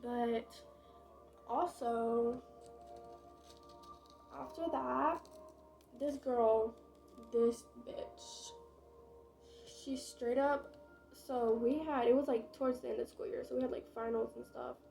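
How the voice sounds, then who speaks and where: A woman's voice: a little high, fairly even intonation, slow, vocal fry, pauses often, dark tone, soft background music, low-quality recording. A young woman vlogger telling a casual storytime, chatty and dramatic, with lots of fillers and swearing.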